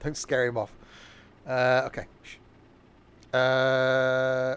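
A man's voice: mid-range voice, little pitch movement, slow pace, long pauses, slight background noise. A man casually commentating a train simulator game live, joking and teasing his chat. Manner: joking, chatty, teasing viewers. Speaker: streamer playing a train simulator.

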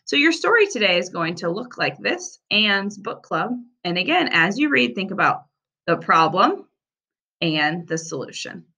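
Slow and clear, a woman sounds out words for small children in a recorded reading lesson she teaches. Her pitch moves animatedly throughout.

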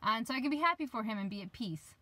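A woman's voice: a little high, expressive, rapid-fire, pushed and bright, no room sound, rough recording. A woman in her thirties, a life coach, giving casual advice from her parked van, chatty and sometimes losing her train of thought. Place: parked van, rain outside.

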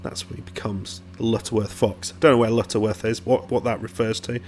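A man's voice: fairly low pitch, fairly even intonation, fairly quick, darkish tone, slight background noise. A man hosting a casual commentary, rambling and interrupting himself as he browses. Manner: rambling, self-interrupting, chatty. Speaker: YouTube host reviewing game blogs.

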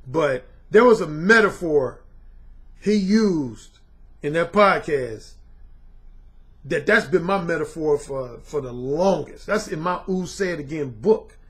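A man's voice: a little high, a bit bright. A middle-aged man and dating coach talking bluntly and casually to his viewers, dropping "man" and slang as he goes. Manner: blunt, colloquial, repeats "man".

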